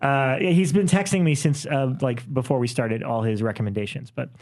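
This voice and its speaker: A man's voice: mid-range voice, fairly quick. Male podcast host, casual, filler-heavy, mid voice. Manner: relaxed, filler-heavy introductions.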